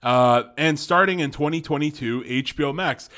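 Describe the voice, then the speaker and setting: A man's voice: on the high side, normal speed, a bit bright. A young man in casual reaction commentary, rambling, correcting himself and laughing often. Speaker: YouTube commentator.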